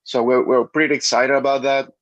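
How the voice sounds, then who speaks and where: A man real estate agent giving a halting update on a video call, with many pauses and fillers. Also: mid-range voice, little pitch movement, no room sound. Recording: dry, dull lo-fi call audio.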